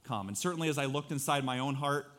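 A pastor in his thirties preaching a conversational, animated sermon, acting out little quotes from his family and listeners. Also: medium pitch, fast talker.

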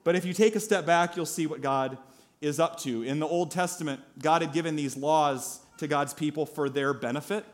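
A pastor preaching a sermon at a church service, telling a story in a lively way with asides to the congregation. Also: male voice, fairly high pitch, normal speed.

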